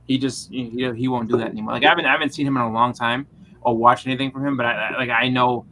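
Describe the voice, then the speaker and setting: A man's voice: mid-range voice, fairly even intonation, racing, noisy background. A man telling a story in loose, rambling group chat, full of filler words and restarts.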